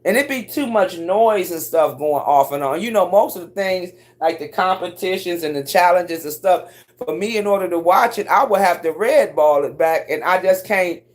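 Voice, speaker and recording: A middle-aged woman telling stories on a casual livestream, cursing freely and leaping up in pitch when she acts out what people said. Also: normal speed. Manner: profane, animated storyteller who swoops up high for quoted voices. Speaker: live streamer.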